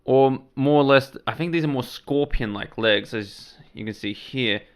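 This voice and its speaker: Casual reaction host: a man of Serbian background, mid-pitched and smooth, rambling and swearing as he reacts to a trailer. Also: moderate pace. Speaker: channel host.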